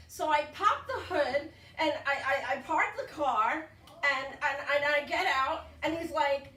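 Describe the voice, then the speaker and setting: High, bright-voiced older woman telling a story. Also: moderate pace, echoey room, distant mic. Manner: animated, frantic when quoting herself. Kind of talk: comic storytelling.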